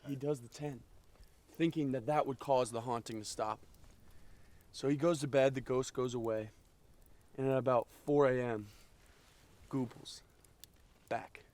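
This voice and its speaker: A man's voice: mid-range voice, fairly even intonation, a little slow, long pauses, darkish tone, recorded from a distance, natural voice. A young man telling a campfire story to friends, hamming it up. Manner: hammy, playing it up.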